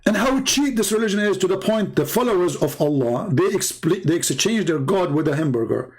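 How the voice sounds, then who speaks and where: Male channel host, higher voice, sarcastic storyteller with a teasing edge. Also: brisk. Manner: sarcastic, animated, jokey. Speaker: host of a live debate channel. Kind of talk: mocking storytelling monologue.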